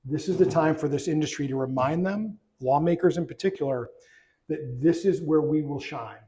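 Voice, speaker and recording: A middle-aged man, a trade association chief, speaking at a luncheon in a relaxed conversational way with frequent restarts and fillers. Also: a little high, moderate pace, slight background noise. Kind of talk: luncheon speech. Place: banquet room.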